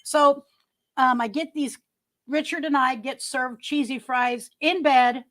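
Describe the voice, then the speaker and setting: A woman's voice: high voice, steady tone, slow, a bit bright. A middle-aged woman hosting a casual livestream, chatting with viewers in a rambling way, restarting her sentences often. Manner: greets viewers by name. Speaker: livestream host. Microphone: webcam.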